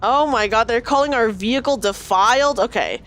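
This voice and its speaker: A woman's voice: a little high, moderate pace, a bit bright. A woman streaming a game, chatting with viewers and reading dialogue aloud. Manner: chatty, reacts aloud and reads lines in character.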